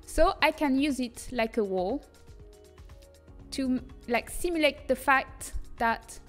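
A French-accented young woman with a high, light voice walks viewers through a 3D design tool on a livestream. She chats easily, laughs often and breaks off to answer chat. Soft music plays faintly underneath. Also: slow pace. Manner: chatty, laughs often, reads chat aloud. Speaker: streamer teaching custom content. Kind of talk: casual livestream tutorial.

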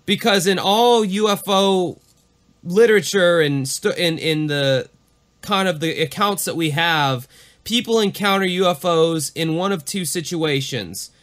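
A man co-hosting a mystery podcast in a casual, lively way. His voice sits a little high for a man. He slows down and leans in on the creepy moments. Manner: animated, leaning into the creepy parts. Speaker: podcast co-host. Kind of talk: casual podcast chat and reading.

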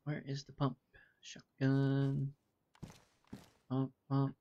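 Game streamer, male, gravelly, rambling and profane, dull lo-fi mic. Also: a little high, animated, a little slow, a bit bright. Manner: rambling, swearing, talks to himself. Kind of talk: casual gameplay commentary. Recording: dull lo-fi recording.

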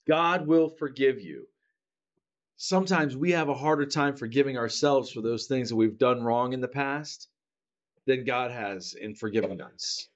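A man's voice: mid-range voice, dull audio. A man preaching a sermon in a church, talking conversationally and often checking in with the congregation. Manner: acts out children's grudging apologies.

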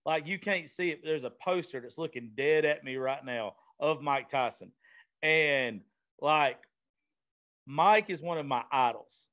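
A man's voice: on the high side, measured pace, a bit bright. A man with a Southern US accent hosting a podcast in a studio, talking bluntly and casually and swearing freely. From Southern United States. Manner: profane, blunt, rambling. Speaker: podcast host. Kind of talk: casual chat. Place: vintage-themed studio.

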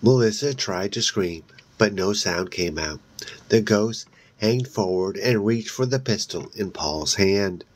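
A man's voice: on the low side, lively intonation. A man reading a horror novel aloud in a casual way, with slips and restarts along the way. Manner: reads slowly, with slips and restarts. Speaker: audiobook reader. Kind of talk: casual read-aloud narration.

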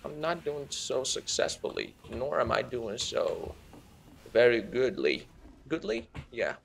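Commentating a game, a man does a celebrity impression, rambling, self-mocking and easily sidetracked. His medium-pitched voice is creaky and gravelly, a little slow, with big pitch swings and slight background noise.

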